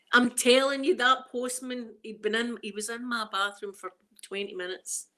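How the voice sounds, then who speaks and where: A woman's voice: a little high, pushed and bright. Chatty Scottish woman, rambling livestream host. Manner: rambling, storytelling, quick to laugh. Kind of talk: casual livestream chat.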